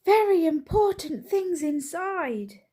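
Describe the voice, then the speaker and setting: A woman voicing a fussy, frantic grown businessman in a children's storybook, calling out high and loud. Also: expressive, takes it slowly. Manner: high, loud, urgent cries.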